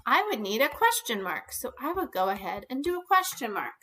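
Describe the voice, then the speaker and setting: A woman teaching a kindergarten lesson on video, speaking slowly and clearly, encouraging the children. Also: a little high, big pitch swings, pushed and bright. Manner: slow, clear and encouraging, stretching words for small children. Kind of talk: recorded lesson for young children.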